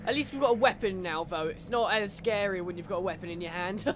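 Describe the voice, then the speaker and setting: A gamer chatting through a horror game in casual let's-play commentary, joking, swearing and laughing as they go. The voice sits at a middling pitch, with faint game noise underneath. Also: brisk. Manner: jokey, swearing, laughs often.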